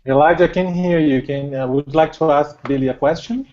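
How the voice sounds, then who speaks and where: A man hosting a live question-and-answer session, speaking hesitantly with many pauses and ums. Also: a little high, a little mellow. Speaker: host. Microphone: video call. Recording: dull video-call audio.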